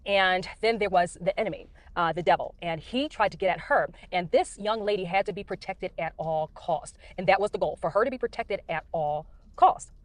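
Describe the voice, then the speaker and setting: A middle-aged American woman, a Christian speaker, sits in her car and earnestly shares her dreams as casual testimony, rambling with many fillers. Her voice is on the low side, at a moderate pace, and the recording is dry.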